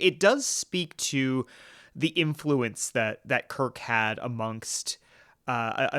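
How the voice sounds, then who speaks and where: A man hosting a political podcast, earnest and thoughtful, often stopping and restarting his sentences. His voice sits at an ordinary middle pitch. The sound is dry and close, with no room around it. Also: fairly bright tone, no echo. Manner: earnest, halting, many restarts and fillers. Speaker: podcast host.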